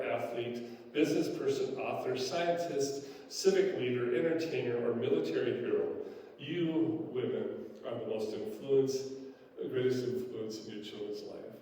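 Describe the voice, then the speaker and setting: An older man preaching in a mellow, rounded voice, telling stories in a folksy way with plenty of ums. He sounds set back from the mic, with a long reverb trailing off the walls of a large church hall and a faint hum of ambience underneath. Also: medium pitch, moderate pace, far from the mic. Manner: folksy, anecdotal storytelling with filler words. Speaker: pastor. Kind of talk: sermon. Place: church sanctuary.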